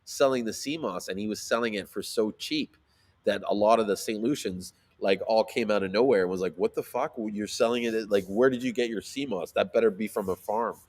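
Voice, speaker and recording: A man telling a story in casual chat, animated, swearing freely and using lots of fillers. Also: lowish voice, a little fast. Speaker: sea moss seller.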